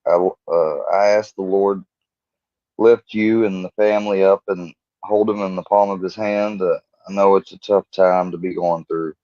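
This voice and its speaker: A man with a very low voice hosts a casual livestream, rambling and chatting to his viewers. The sound is dry and close, with a slightly dull, lo-fi quality. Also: fairly even intonation, normal speed, warm tone, dry recording. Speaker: livestream host.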